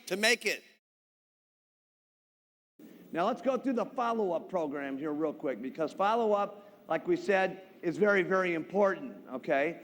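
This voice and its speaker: A man giving a motivational sales talk, telling stories animatedly and checking in with "okay?". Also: high-pitched. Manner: animated storyteller, frequent "okay?" check-ins. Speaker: speaker. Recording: long hall reverb.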